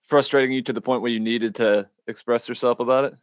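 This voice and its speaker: A man hosting a podcast, asking loose, relaxed questions in a casual interview. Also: mid-range voice, fast, no room sound. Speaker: podcast host.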